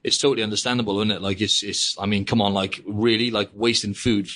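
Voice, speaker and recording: Brief: young male podcast host, rapid casual rambling, slightly low voice. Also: level tone, fairly bright tone. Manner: rambling, peppers speech with "mate" and "like". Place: living in Australia.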